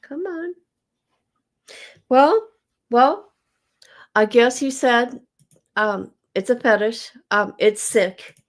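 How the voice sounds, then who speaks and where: A woman's voice: fairly high pitch, drawn-out words, long pauses. An older woman hosting a casual livestream, talking bluntly with exasperation, stammering and breaking into laughter. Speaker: livestream host.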